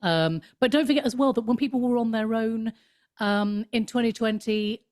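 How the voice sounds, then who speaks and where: Brief: woman in her fifties, podcast guest on a video call, lively delivery with mocking asides. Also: fairly high pitch, moderate pace. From United Kingdom. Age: 50s. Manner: animated, switches into mocking put-on voices. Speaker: podcast guest, comedian and author. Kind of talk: casual conversation.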